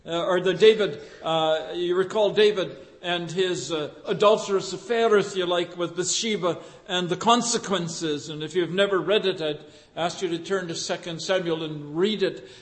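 Male preacher, very high voice, fervent sermon delivery, reverberant church hall. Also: normal speed, few pauses. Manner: fervent, rising to loud emphatic passages. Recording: echoey hall with long reverb.

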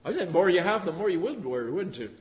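A man's voice: high-pitched, sing-song, fast, big-room sound. A man preaching a sermon in a folksy, chatty way, asking rhetorical tag questions of his listeners.

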